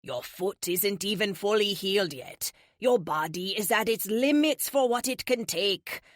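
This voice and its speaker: A woman's voice: medium pitch, expressive, measured pace, dry recording, clean studio sound, natural voice. A woman reading a stern male healer lecturing his patient in an audiobook.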